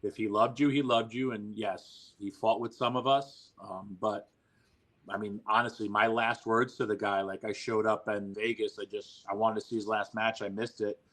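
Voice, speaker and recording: A man's voice: on the low side, level tone, normal speed, fairly bright tone. A man guesting on a podcast, telling stories animatedly, acting out quoted lines and swearing freely. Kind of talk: casual storytelling.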